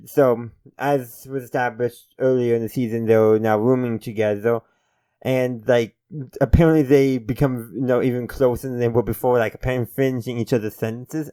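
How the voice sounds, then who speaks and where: Man, channel host, casual episode review, rambling, self-correcting, smooth clear voice, dry close sound. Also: mid-range voice, dark tone, dry recording. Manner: friendly sign-off to viewers.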